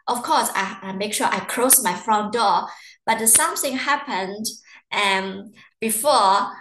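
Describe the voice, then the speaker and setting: A woman's voice: mid-range voice, takes it slowly, a bit bright, roomy sound, slight background noise, rough recording. A woman telling stories in a chatty, casual way during a university webinar. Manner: chatty, storytelling with acted quotes. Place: living in Ireland.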